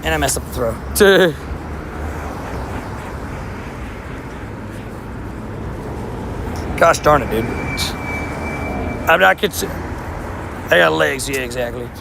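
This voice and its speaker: A young man streaming a mobile game while walking outdoors, chatting and joking at himself, his voice a little hoarse. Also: mid-range voice, a little slow, pauses often, background noise. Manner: chatty, joking, self-mocking banter. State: slightly hoarse, losing voice. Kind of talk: casual livestream commentary while playing.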